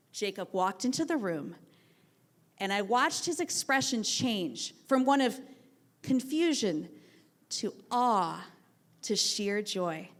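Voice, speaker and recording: A woman teacher telling a personal story live on a theatre stage, acting out the voices of the people she quotes. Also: a little high. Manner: animated, acts out quoted voices.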